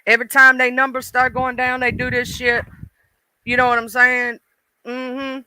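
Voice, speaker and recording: A man hosting a livestream, chatting and gossiping in a dishy, animated way. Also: extremely high pitch, normal speed, clear, resonant tone, dry recording, low-quality recording. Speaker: livestream host. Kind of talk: casual livestream gossip chat.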